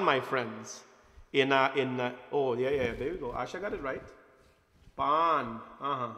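At a temple satsang, a man gives an informal, playful talk and keeps quizzing his audience. His voice is mid-range and sharp, with roomy echo from the temple hall.

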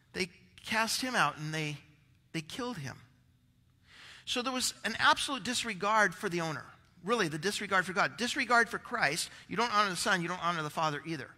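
A man's voice: high-pitched, bright, forceful tone, long reverb tail. A male pastor preaching a rambling, conversational sermon, out of breath, with many restarts.

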